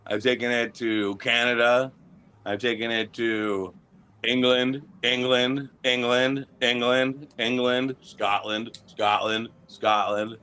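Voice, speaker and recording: A man's voice: medium pitch, fairly even intonation, slow pace, bright, forceful tone, clean tone. A man being interviewed as a wrestling champion, talking in a brash, boastful, profane way and telling stories casually.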